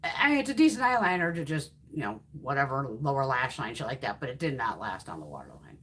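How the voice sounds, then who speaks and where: A woman's voice: extremely low pitch, fast talker, a little hiss or hum. A woman in her fifties chatting casually on a makeup livestream, telling stories bluntly and swearing freely. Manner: blunt, profane, animated storyteller. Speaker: beauty YouTuber. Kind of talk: casual livestream chat while swatching makeup.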